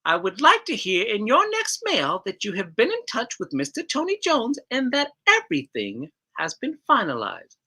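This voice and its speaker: A woman's voice: on the high side, huge pitch swings, normal speed, pushed and bright, husky, full character voice. A woman voicing a formal, overly polite writer of scam letters, reading them aloud stiffly for comedy.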